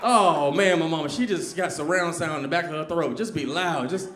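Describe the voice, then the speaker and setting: High-voiced stand-up comedian. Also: male voice, a little fast. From Southern US. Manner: animated, conversational, quizzes the crowd. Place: comedy club stage. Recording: echoey club room.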